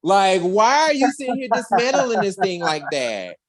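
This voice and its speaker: A man hosting a podcast, telling a comic story in a slangy, animated way. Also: sits high, moderate pace, a crowd in the background. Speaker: podcast host. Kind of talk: casual comic recap chat.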